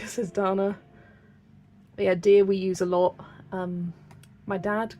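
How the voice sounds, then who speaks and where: Young wiltshire woman, light west country accent, gravelly bits, chatting and laughing a lot while colouring, quiet music under it. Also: medium pitch, a little slow, pauses often. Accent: West Country English, light. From Wiltshire, England. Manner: chatty, laughs often, reads chat aloud. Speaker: colouring channel host. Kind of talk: casual livestream chat while colouring.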